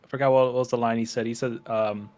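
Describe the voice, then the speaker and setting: A man co-hosting a podcast, chatting casually about a horror episode in a halting way, restarting his sentences. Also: medium pitch, steady tone, darkish tone. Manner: hesitant, halting, with fillers and restarts. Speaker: podcast co-host.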